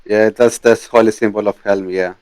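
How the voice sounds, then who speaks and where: A man's voice: fairly low pitch, fairly even intonation, normal speed, darkish tone, no echo. A man playing in a tabletop game, answering lore questions matter-of-factly. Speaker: player. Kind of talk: casual tabletop game chat.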